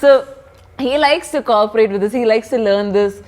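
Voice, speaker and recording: A young woman with a Malayali English accent chatting in an interview, bubbly and quick to laugh. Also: on the high side. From Kerala, India. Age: young adult. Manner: bubbly, laughs often, acts out quoted dialogue. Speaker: film actress, guest. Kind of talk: casual interview chat mixing English and Malayalam.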